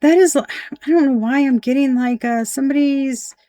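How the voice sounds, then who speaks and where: Woman doing a tarot reading, kinda high voice, blunt and sweary, dry close sound. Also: normal speed, warm tone, no room sound. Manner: blunt, profane, emphatic. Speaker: tarot reader.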